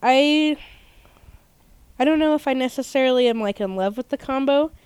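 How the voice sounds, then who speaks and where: A young woman rambles through a story as a podcast co-host, tossing in fillers as she goes. Her voice is smooth and clear, recorded dry and close with no room sound. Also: high-pitched, normal speed, a little mellow, no room sound. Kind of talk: casual chat.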